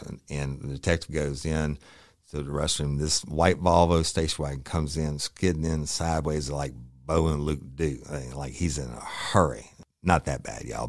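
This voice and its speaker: A middle-aged man from Louisiana, telling a past case as a podcast host in an animated, profane way. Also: rumbling low, dry recording, studio quality. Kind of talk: casual storytelling.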